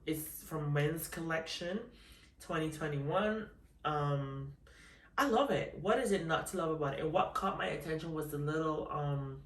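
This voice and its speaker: A woman's voice: low-pitched, echoey room, far from the mic. A woman chatting casually in an unboxing vlog, sassy and flamboyant, calling her viewers honey. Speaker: vlogger.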